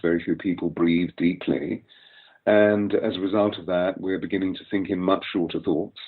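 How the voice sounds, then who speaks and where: Deep-voiced older man with RP accent. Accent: Received Pronunciation. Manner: articulate, lecturing, long flowing sentences. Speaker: voice coach guest. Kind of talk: expansive interview explanation. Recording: tinny phone-like sound.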